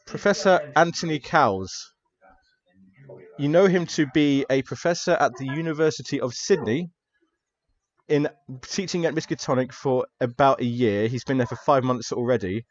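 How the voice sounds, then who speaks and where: A man's voice: medium pitch, normal speed. A man narrates a tabletop horror game in an easygoing, casual manner with a middling voice. The recording sounds a little dull and lo-fi. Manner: relaxed, casual narration with fillers. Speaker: game master. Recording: slightly dull lo-fi audio.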